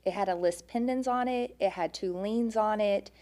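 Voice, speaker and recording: A woman's voice: medium pitch, moderate pace, mellow. A woman from Arkansas with a Texan accent, chatting animatedly as a real estate guest. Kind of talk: casual chat.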